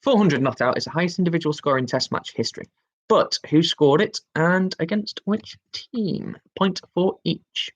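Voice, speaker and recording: A man's voice: fairly high pitch, moderate pace, lo-fi sound. A man hosting a pub quiz, reading each question twice with chatty asides in between.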